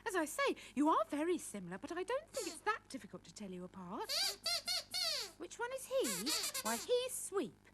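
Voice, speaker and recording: A woman presenting a children's puppet show, chatting to puppets in an animated, exaggerated way. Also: extremely high pitch, moderate pace, noisy background.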